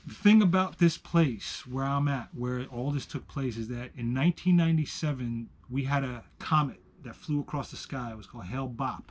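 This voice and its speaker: This New York-accented man chats casually and tells stories with plenty of profanity and emphasis, moving from loud bursts to hushed side comments. He speaks in a mid-range voice at a moderate pace with few pauses.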